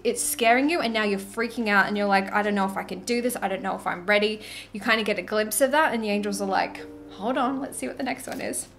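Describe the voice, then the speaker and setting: A woman talking casually to camera as a spiritual coach, giving an animated tarot reading and acting out quoted voices. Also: medium pitch.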